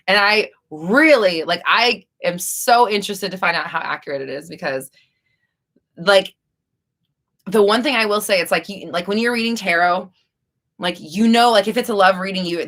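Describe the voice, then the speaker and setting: A woman's voice: mid-range voice, a bit bright. A young woman hosting a live stream, chatting casually and rambling with many fillers and restarts.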